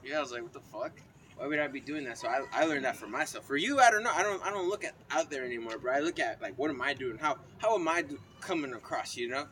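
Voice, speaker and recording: A man's voice: fairly high pitch, lively intonation, fast talker, hardly any pauses, a bit bright, a little hiss or hum. A man chatting casually in a car, rambling and swearing in a laid-back way. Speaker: podcast co-host. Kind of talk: casual chat.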